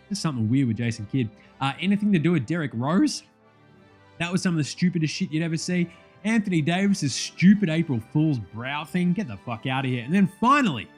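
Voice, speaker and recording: Australian man, fairly high voice, blunt and sweary sports banter over faint music. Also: darkish tone. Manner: profane, blunt, jokey banter. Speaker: sports vlogger. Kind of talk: casual sports commentary rant.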